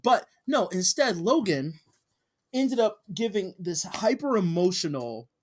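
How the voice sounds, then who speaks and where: A man's voice: sits high, sing-song, unhurried. A man co-hosting a podcast, chatting casually and ranting, getting heated and profane. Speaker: podcast co-host. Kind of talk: casual chat.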